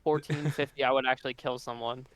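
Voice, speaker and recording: Smooth, slangy young podcast guy. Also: mid-range voice, steady tone, fast, no room sound. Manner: slangy, drops "bro" a lot. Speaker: podcast co-host. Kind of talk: casual podcast chat.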